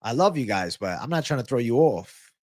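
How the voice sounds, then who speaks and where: A man's voice: mid-range voice, very animated, a little fast, dry recording, studio quality. Casual young man hosting a livestream. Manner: casual, swears, thanks viewers, calls them bro. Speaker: livestream host. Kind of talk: casual live-stream chat reading chat.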